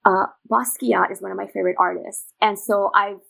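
A woman's voice: mid-range voice, steady tone, normal speed, gravelly, a bit bright. A woman co-hosting a podcast about a book, chatting casually and repeating herself as she talks. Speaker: podcast co-host. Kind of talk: casual chat.

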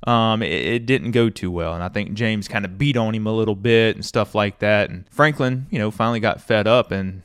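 A man's voice: fairly low pitch, moderate pace, few pauses, smooth, no room sound, clean studio sound. A man hosting a podcast, giving a casual, conversational review of a classic book with loose everyday fillers. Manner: relaxed, conversational, loose fillers like "you know" and "stuff like that".

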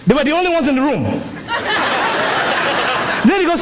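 A middle-aged male pastor preaches with animated storytelling and now and then shouts out a point. His voice sits very high and swings widely in pitch. A faint hum runs under him throughout. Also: normal speed, pauses often. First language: not English. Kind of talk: sermon.

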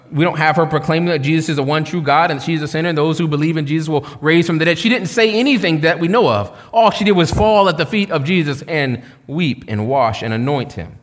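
A man's voice: a little high, lively intonation, fairly quick, a bit bright. Male preacher in a reverberant hall. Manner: conversational storytelling with humor. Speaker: pastor. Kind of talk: sermon.

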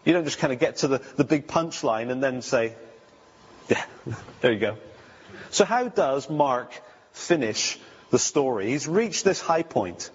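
A man's voice: mid-range voice, expressive, moderate pace, breathy edge. Man preaching in a reverberant hall. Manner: conversational, rhetorical questions, frequent restarts. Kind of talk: sermon. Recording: lo-fi recording with long hall reverb.

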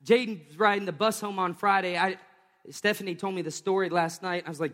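A man preaching a lively sermon from a church stage, joking with volunteers between points. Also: high voice, brisk, long reverb tail. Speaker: pastor.

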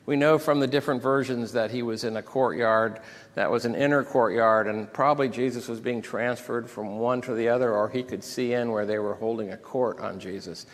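A man pastor preaching a sermon, retelling scripture and a personal story with deep emotion. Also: steady tone, a little fast. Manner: emotional storytelling, reads scripture aloud with rising intensity. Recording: long hall reverb.

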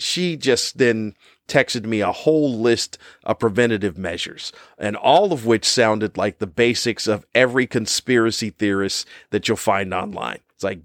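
A man's voice: on the low side, moderate pace, no echo. Rambling wry man in a dry room. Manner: rambling, wry, with frequent fillers and restarts. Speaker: podcast host. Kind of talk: casual monologue.

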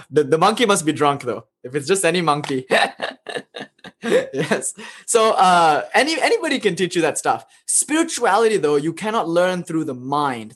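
Man teaching spirituality, lively and chatty. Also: a little high, husky. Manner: conversational, frequent "you know", chuckles between points. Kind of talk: informal teaching lecture.

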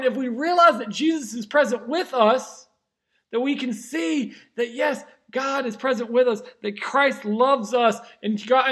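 Man preaching a sermon, high voice, earnest and emphatic, restarts phrases, then drops soft and slow. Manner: earnest preaching, rising to emphatic cries, dropping to soft, slow near-whispers; frequent restarts and repeated words. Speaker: pastor.

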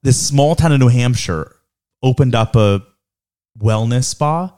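A man's voice: medium pitch, a little slow, darkish tone. A young man co-hosting a casual podcast, reading news items aloud and joking with his friends. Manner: reads news items aloud, jokes and laughs often. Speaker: podcast co-host. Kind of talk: casual chat.

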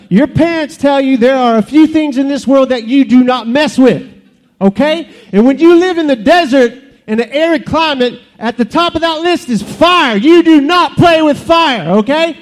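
Kids' church skit: a man playing a very high, chatty, boastful burning bush, animated storyteller. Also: normal speed. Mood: storytelling. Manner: animated, playful storyteller addressing kids. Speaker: children's church puppet character.

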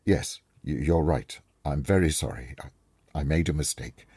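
A man's voice: a bass voice, a little slow, mellow, breathy edge, no room sound, exaggerated voice. A man reading a story aloud, voicing an ashamed young male student who speaks hesitantly and apologetically. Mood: contrite.

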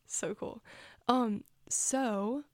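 A woman's voice: fairly high pitch, extremely slow, dry recording, studio quality. A young woman hosting a podcast in casual chat, bubbly and giggly, teasing playfully. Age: young adult. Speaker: podcast host.

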